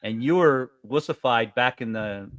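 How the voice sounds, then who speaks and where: A middle-aged man from New York State chatting casually as a podcast co-host, telling stories with lively acted-out voices. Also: mid-range voice, unhurried, no room sound. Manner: animated storyteller, acts out quoted voices loudly. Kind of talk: casual chat.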